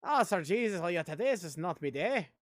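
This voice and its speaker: A man puts on a grumbling stage-Irish fellow, woeful in an exaggerated, clearly put-on Irish accent. The voice rises a little high and swings widely, as a streamer hams it up for a laugh. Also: big pitch swings, brisk, dry recording, clean studio sound. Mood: mock woeful.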